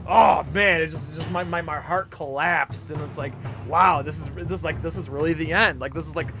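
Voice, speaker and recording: A man in casual chat, speaking haltingly and restarting his sentences often. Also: fairly high pitch, fairly even intonation, over music.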